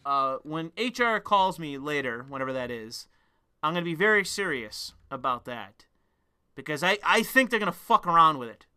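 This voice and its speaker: High bright-voiced man ranting profanely. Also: lively intonation, moderate pace, smooth. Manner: profane, combative, heated. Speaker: vlogger. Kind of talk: ranting monologue to camera.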